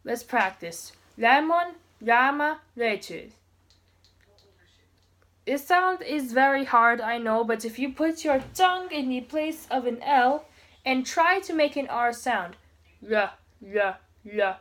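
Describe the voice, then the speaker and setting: A woman giving a casual homemade language lesson, pausing often and slowly repeating sounds for practice. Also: high-pitched, a bit bright. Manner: halting, many restarts and fillers. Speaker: language teacher.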